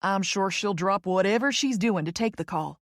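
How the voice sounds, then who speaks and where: A woman's voice: mid-range voice, normal speed, no room sound, clean studio sound, lightly acted. Woman voicing a folksy Kentucky lawyer man. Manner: folksy, calls her honey. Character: small older lawyer man with a thick drawl.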